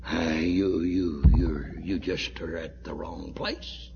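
A man voicing a great angel at the gate who speaks low and matter-of-fact, hesitating. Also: fairly even intonation, takes it slowly, creaky, a little mellow, slight background noise, exaggerated voice. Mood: dismissive. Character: a great angel at heaven's gate, flat and dismissive. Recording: dull echoey hall recording.

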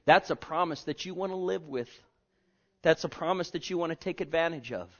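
Impassioned preacher, hushed to booming, lo-fi. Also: male voice, brisk. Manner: swings from hushed murmurs to loud exhortations. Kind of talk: sermon.

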